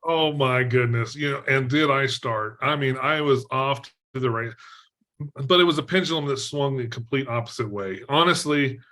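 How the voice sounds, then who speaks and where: A middle-aged man from Texas, a podcast guest telling a story in a lively way, laughing often and using lots of fillers. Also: mid-range voice, moderate pace. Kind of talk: storytelling in an interview.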